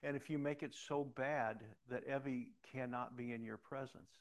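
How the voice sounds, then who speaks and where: A middle-aged male pastor delivering a sermon in a gravelly, mid-pitched voice. He tells personal stories earnestly, stumbling over restarts, then builds to emphatic exhortations. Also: fairly even intonation, normal speed.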